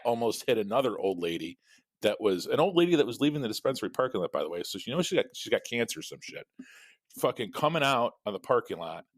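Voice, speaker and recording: A man with a lowish voice that swings all over as he tells a sprawling, swear-laden story. His casual podcast chat is full of laughs and restarts, and the sound is dry and close with no room around it. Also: dry recording. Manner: rambling, profane storytelling with frequent laughs. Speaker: podcast co-host.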